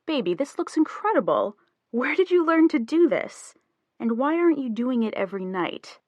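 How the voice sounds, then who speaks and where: A woman reading the lines of a quick-witted young wife in an audiobook, fond and bantering. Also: high-pitched, big pitch swings, a little mellow, no room sound, voice pushed up. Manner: playful bargaining banter.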